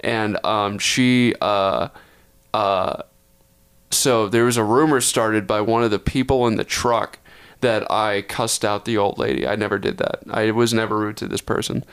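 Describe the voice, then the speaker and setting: Young guy from texas rambling through a story, swears a lot, smooth clear voice, keeps restarting sentences. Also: lowish voice, fairly even intonation, a little slow, fairly bright tone. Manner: rambling, profane, self-correcting. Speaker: podcast co-host. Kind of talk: casual storytelling.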